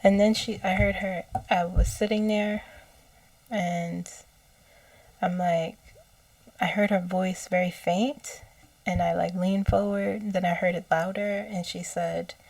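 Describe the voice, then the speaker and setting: Slow, gravelly-voiced woman psychic. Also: fairly low pitch, level tone, no echo, distant mic. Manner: slow, hesitant, self-correcting, with soft laughs and whispered asides. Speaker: psychic channeler. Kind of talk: casual monologue relaying channeled messages.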